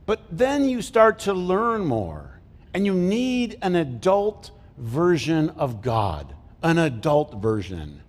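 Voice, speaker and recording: A middle-aged pastor with a high-pitched yet darkish voice gives a conversational sermon, joking and questioning the congregation as he goes. The recording carries the long hall reverb of a church sanctuary.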